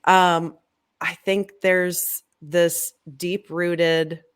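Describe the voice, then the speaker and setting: A woman's voice: lowish voice, flat delivery, extremely slow, clear, resonant tone. A woman guest on a podcast, chatting casually and acting out past conversations as she tells her story. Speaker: podcast guest, marketing agency owner. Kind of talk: casual interview chat.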